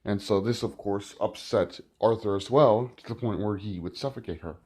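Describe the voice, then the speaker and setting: A man's voice: on the low side, normal speed, darkish tone, breathy edge. A man giving a casual spoken film review, rambling and often restarting with "like".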